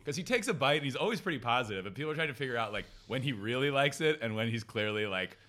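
A man chatting on a podcast, emphatic and animated, quick to laugh and push back. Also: mid-range voice. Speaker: podcast co-host. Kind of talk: casual chat.

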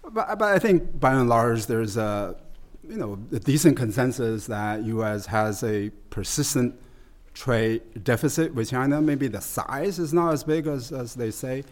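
A man as guest expert, explaining at length in a conversational interview, halting with many fillers and restarts. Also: mid-range voice, lively intonation.

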